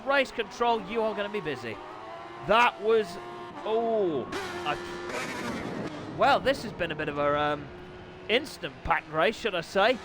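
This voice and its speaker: Excitable high-voiced male race commentator. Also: measured pace, long pauses, over music. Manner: excitable, self-mocking, talks to himself. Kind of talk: sim racing commentary.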